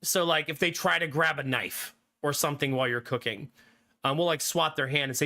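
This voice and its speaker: A man's voice: on the high side, a little fast, pushed and bright. A man in his thirties streaming a game and chatting casually with viewers, laughing often and swearing freely. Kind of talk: casual chat reading live chat.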